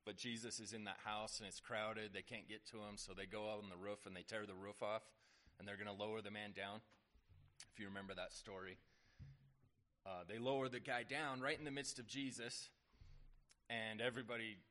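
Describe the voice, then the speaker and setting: A man's voice: lowish voice, steady tone, brisk, bright, forceful tone. A man preaching a sermon in a conversational way, explaining scripture with occasional fillers and rising emphasis. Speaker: pastor.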